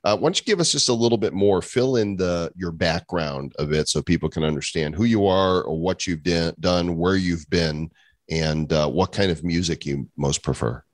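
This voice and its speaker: A man with a very low voice hosting a podcast, cracking jokes and keeping the banter playful. He sounds dry and close-miked. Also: moderate pace, no echo. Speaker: podcast host. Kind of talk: casual podcast chat.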